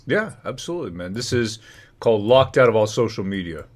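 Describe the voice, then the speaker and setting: Heated lower-voiced male streamer ranting. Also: big pitch swings. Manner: heated, indignant, rapid bursts. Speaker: livestream host. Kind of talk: ranting livestream commentary.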